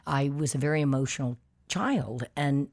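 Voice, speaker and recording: A middle-aged woman from New Orleans talks as an interview guest. She is expressive and laughs often, and she acts out the voices of people she quotes. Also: rumbling low, normal speed. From New Orleans, USA. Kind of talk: casual interview chat.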